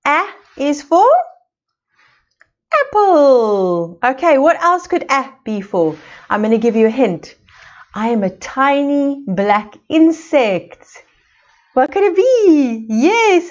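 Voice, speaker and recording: A woman from South Africa, a preschool teacher leading a children's lesson from a picture book, coaxing and exaggerated for small children. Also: on the high side. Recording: dull lo-fi video sound.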